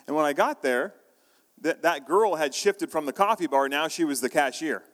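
A man's voice: on the high side, expressive, moderate pace, fairly bright tone. A man preaching a sermon as pastor, telling a story in a conversational way with frequent restarts. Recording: long reverb of a large hall.

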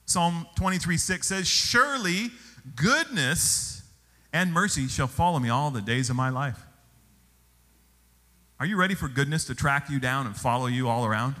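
A male pastor preaching a sermon, telling stories with animated exclamations. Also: mid-range voice, moderate pace. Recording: long hall reverb.

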